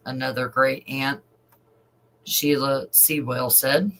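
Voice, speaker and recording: Male online commentator, slow deliberate delivery, reads articles aloud with heartfelt remarks. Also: mid-range voice, pushed and bright, poor audio. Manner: slow, emotional asides between read passages. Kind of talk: reading news aloud with commentary.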